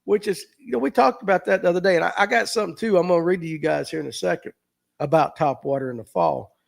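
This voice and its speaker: A middle-aged man hosts a live fishing talk stream, reading viewer comments aloud and riffing on them in a folksy, joking way. His high-pitched voice is fast and expressive, with vocal fry.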